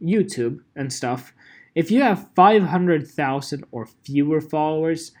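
A man's voice: fairly high pitch, a little slow, a little mellow. A man hosting a podcast alone, talking casually in a rambling, profane, self-deprecating way. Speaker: podcast host.

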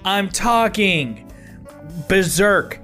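A man's voice: high-pitched, animated, pushed and bright, soft background music, exaggerated voice. A man doing a stubborn, emphatic anime fanboy. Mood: insistent. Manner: drawn-out, emphatic insistence. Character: brash young male anime fanboy, stubborn.

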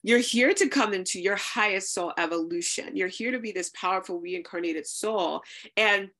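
A woman's voice: medium pitch, moderate pace, a bit bright. A woman hosting a casual podcast chat, speaking in a fervent, motivational way and swearing for emphasis. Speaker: podcast host and spiritual coach.

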